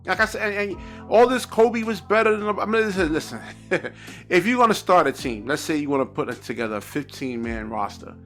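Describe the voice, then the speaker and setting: Man, fairly high voice, exasperated basketball rant with repetitive phrasing. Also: lively intonation, brisk, fairly bright tone, soft background music. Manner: exasperated, repetitive, says 'man' often. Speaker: basketball commentator. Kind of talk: reaction rant on video.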